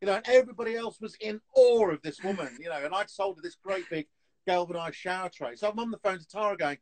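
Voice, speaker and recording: Man, high voice, chatty storyteller, animated, live video call on a phone. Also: fast talker, rough recording. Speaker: TV antiques dealer, guest.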